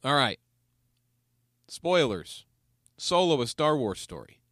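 A young man hosting a casual podcast, animated and casually swearing as he steers the talk. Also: medium pitch, slow, dry recording, clean studio sound. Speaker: podcast host.

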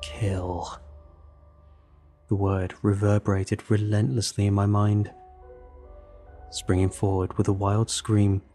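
A man with a lowish, mellow voice narrates a first-person horror story. He reads in a measured, dramatic way, with soft music playing faintly underneath. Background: faint background music.

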